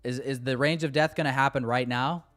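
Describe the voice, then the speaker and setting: A day trader keeps up fairly quick live-stream commentary, bantering with viewers in a loose, joking, at times profane style. His mid-range voice is a bit bright with fairly even intonation, set against soft background music.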